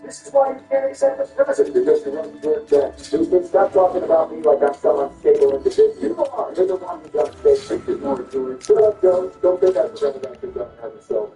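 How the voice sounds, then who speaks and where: A man doing a crew of squabbling grown men, swinging wildly up and down in pitch and sitting high for a man as they trade indignant insults over a board game. The voice is dark and mellow, heard from a distance in a roomy space with faint music behind. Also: wildly swooping pitch, fairly quick, hardly any pauses. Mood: bickering.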